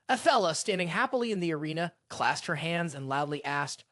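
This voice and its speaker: Story recap narrator, lively delivery, dry sound. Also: mid-range voice, a little fast, hardly any pauses, no room sound.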